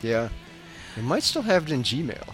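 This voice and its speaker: A man hosting a podcast, chatting in a relaxed way, laughing and trailing off with fillers. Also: medium pitch, normal speed, faint music behind. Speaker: podcast host. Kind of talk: casual chat.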